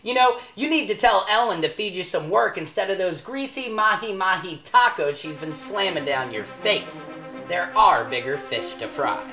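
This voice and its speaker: A woman anchors a spoof newscast in a mock-serious, straight-faced manner. Her voice sits at a middle pitch and carries a roomy echo. Faint music plays behind her. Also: expressive, moderate pace, sharp tone. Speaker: comedy news anchor.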